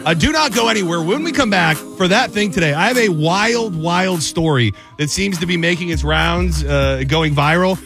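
A man's voice: high-pitched, expressive, fairly bright tone, soft background music. A male radio host joking through casual banter with callers and a co-host. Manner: wry, joking, quick asides.

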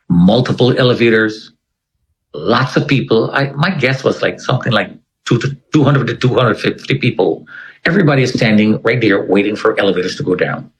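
Man, interview guest, personal storytelling, lively up-and-down pitch, quotes people as he talks. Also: rough recording. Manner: vivid, conversational retelling with quoted dialogue.

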